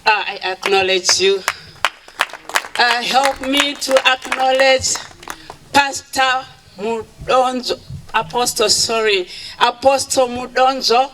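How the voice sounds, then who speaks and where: A woman who founded a charity, giving an emotional event speech that switches between English and Shona and thanks people warmly. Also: a little high, slow pace, a little hiss or hum, poor audio. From Zimbabwe.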